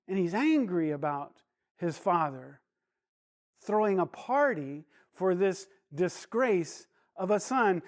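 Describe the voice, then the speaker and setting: A male Bible teacher retells a parable in a storytelling manner, wandering off on side digressions before returning. His voice sits high for a man and he takes his time. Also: expressive, slow pace. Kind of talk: Bible study lesson.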